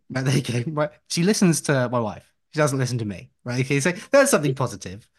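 A man's voice: mid-range voice, sing-song, fast. A man co-hosting a podcast from home. He chats casually, wanders off on tangents and laughs as he goes. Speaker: podcast co-host.

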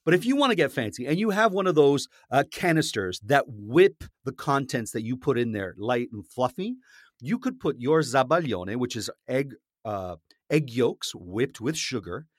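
Man, podcast co-host, blunt, animated, mid-pitched, dry close recording. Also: normal speed, no echo. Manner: animated, blunt, swears casually. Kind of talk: casual food podcast chat.

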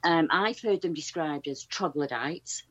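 Low-voiced woman, dull line. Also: measured pace. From England. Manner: chatty, animated retelling with many restarts. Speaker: guest researcher. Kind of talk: casual storytelling over a call.

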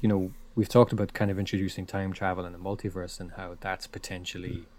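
A man's voice: sits low, little pitch movement, fast talker, darkish tone. A man co-hosting a casual film podcast, talking animatedly and repeating words as he builds his point. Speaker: podcast co-host.

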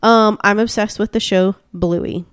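Chatty woman gushing away, lots of "like"s, mid pitch, dry close mic. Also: steady tone, measured pace, smooth, no echo. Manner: gushing, chatty, full of "like" and restarts. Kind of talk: casual chat.

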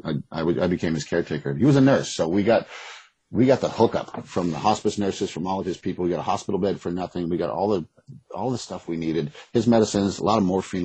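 A deep, husky man talks quickly and frankly in a rambling interview, swearing as he goes. The recording is close and dry. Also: darkish tone, no room sound, low-quality recording. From Boston area. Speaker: author and guest. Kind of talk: casual interview conversation.

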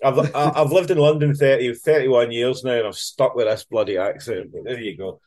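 A man's voice: medium pitch, brisk, darkish tone. A middle-aged man with a Scottish accent, co-hosting a podcast with joking banter and short interjections. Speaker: podcast co-host. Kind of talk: casual banter.

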